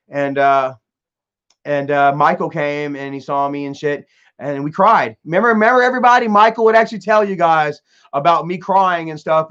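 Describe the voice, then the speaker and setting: A young man with a fairly high voice rambles through a casual live stream, reading viewer comments aloud. He stumbles, repeats himself and restarts his sentences. The sound is dull and lo-fi. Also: fairly bright tone.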